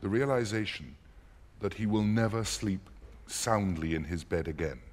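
A man explaining a play as a lecturer, emphatic and expressive. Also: on the low side, moderate pace, a little hiss or hum. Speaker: literature lecturer. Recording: long hall reverb.

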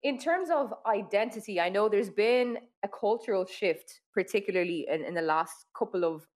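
A woman's voice: medium pitch, expressive, normal speed. A woman hosting a podcast, speaking reflectively and asking questions. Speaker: podcast host. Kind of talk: podcast discussion.

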